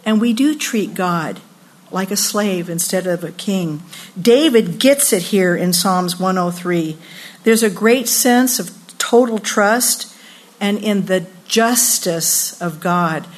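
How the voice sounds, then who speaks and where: An older woman giving a sermon at a retreat, telling stories in a lively way and acting out the voices of people she quotes. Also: mid-range voice, takes it slowly. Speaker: retreat speaker.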